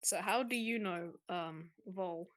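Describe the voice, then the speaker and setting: A woman's voice: fairly low pitch, takes it slowly. A woman in a casual voice chat, giggly and playful, swearing freely.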